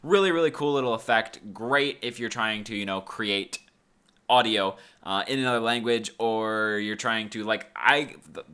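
A man hosting a casual screen-recorded software tutorial, talking in a laid-back, rambling way with lots of fillers. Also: fairly low pitch, moderate pace, smooth. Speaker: tutorial host.

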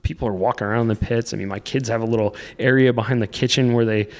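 A man in his thirties recounts a frightening personal story, stopping and restarting his phrases as he goes. His pitch sits in a middle range, and his delivery stays intense and earnest. A long reverb trails his voice, as if he were recorded in a large, echoing space. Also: fairly even intonation, quick pace. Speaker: podcast guest, off-road racer.

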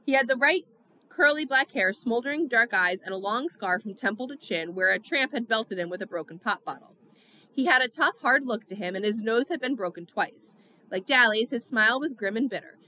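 A woman narrating a novel in the first person with steady storytelling. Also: a little high, fairly quick. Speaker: audiobook reader.

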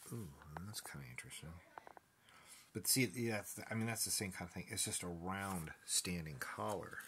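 A man's voice: low voice, moderate pace. A man thinking aloud in a casual vlog, leafing through pattern books at home and trailing off into half-whispers. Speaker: fashion designer vlogger. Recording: noisy home recording with clicks.

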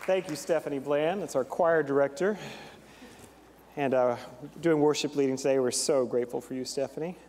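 Male pastor preaching, kinda high voice, chatty with lots of ums, big echoey church. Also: normal speed, a little hiss or hum. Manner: animated joke-telling, chatty with fillers. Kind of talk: sermon. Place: large church sanctuary. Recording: long hall reverb.

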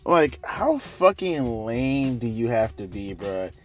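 A man's voice: medium pitch, sing-song, slow, faint music behind. A man ranting sarcastically through a wrestling show recap, exasperated and swearing heavily. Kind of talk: profane ranting review.

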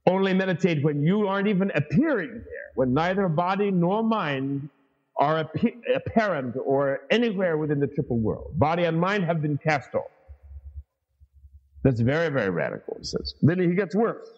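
A man with a somewhat high, husky voice gives a teaching talk, telling stories with lots of casual asides. His voice carries a long reverb tail. The sound is dull and lo-fi. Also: normal speed. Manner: lively storyteller, chatty asides with "you know". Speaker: Buddhist studies professor and podcast host. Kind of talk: teaching talk, reading and explaining a sutra.

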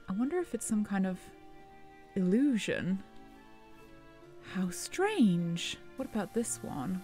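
A woman's voice: mid-range voice, warm tone. A woman narrating a Minecraft horror role-play in character, wonder-struck and breathless, slipping into panic. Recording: faint music underneath.

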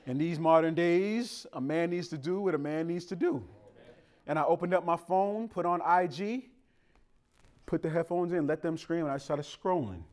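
Male pastor, sermon, slightly high voice, lively swings in pitch, casual joking storyteller, talks to the congregation. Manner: animated, joking storytelling with a casual, colloquial delivery.

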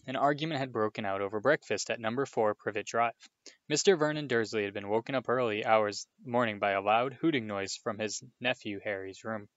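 A man reading a chapter book aloud to a listener, relaxed with informal asides. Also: mid-range voice, no room sound, dull audio. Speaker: reader.

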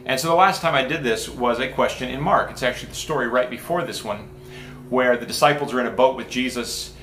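Casual pastor preaching in an echoey church. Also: male voice, medium pitch, brisk, a bit bright, soft background music. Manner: casual and talky, with many restarts and asides. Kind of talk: conversational sermon. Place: church sanctuary.

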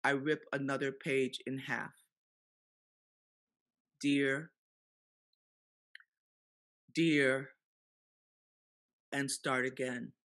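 A man's voice: mid-range voice, level tone, extremely slow, long pauses, fairly bright tone. A man reading a spoken word poem aloud, with rhythmic, incantatory address and long chanted lists of names. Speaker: poetry reader.

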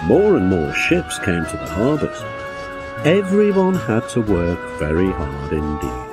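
A man reading a children's storybook aloud in a measured, expressive manner. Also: low-pitched. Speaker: narrator. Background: background music.

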